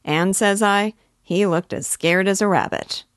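A woman's voice: medium pitch, a little slow, no echo, clean studio sound, pitched above the performer's own voice, lightly acted. A woman voicing a garrulous old male parish clerk who rambles in folksy rural dialect. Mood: rambling.

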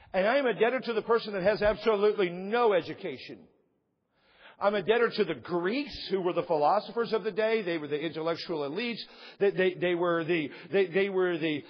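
A man preaching a sermon as pastor, impassioned and rising in emphasis, with a voice that is wearing out and husky. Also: high voice, big-room sound, muffled recording. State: losing his voice. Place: church sanctuary.

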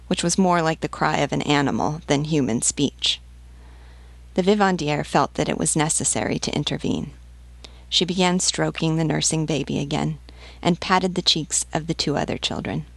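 A woman teacher reading a novel aloud in a measured, expressive way. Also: low voice, creaky, husky, dry recording.

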